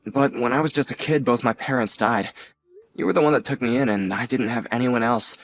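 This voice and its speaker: A young man playing a newly engaged nephew who is earnest and gently apologetic. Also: mid-range voice, fairly quick, lightly acted. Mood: grateful. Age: young adult. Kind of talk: scripted dialogue drama.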